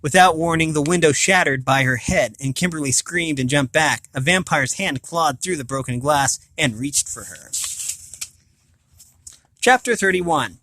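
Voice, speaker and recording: A man's voice: on the high side, measured pace, pushed and bright, no room sound. A man reading a novel aloud, often stumbling, restarting and correcting himself. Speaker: reader of a novel. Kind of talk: amateur audiobook reading.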